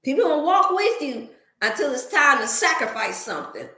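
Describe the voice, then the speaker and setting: A woman's voice: high-pitched, very animated, normal speed, sharp tone, roomy sound. A woman host telling a funny story in a casual livestream, laughing often and slipping into preachy asides. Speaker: wellness channel host.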